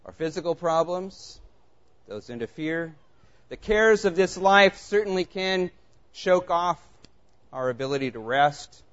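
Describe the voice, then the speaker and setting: Male pastor, conversational sermon delivery, lively anecdotes, somewhat higher pitch, dull lo-fi sound. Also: measured pace. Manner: storytelling, animated and conversational. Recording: muffled lo-fi recording.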